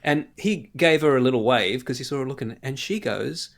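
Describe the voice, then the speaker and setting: A man in his thirties co-hosting a podcast, chatting casually and telling animated stories about his daughter, with plenty of swearing. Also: mid-range voice, moderate pace, vocal fry. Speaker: podcast co-host. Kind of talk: casual chat.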